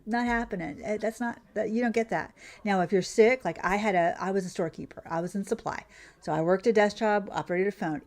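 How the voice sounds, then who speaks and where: A woman streamer ranting in casual chat while playing a farming game, often losing her train of thought. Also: darkish tone. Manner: ranting, loses her train of thought, mimics others in a higher voice. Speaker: gaming streamer.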